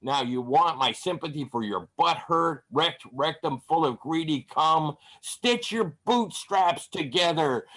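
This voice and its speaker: Man performing spoken word, slow deliberate delivery, fierce and profane, over a video call. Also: on the high side, animated, a bit bright. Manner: angry, profane, declamatory delivery. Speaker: open mic poet. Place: home, online video call.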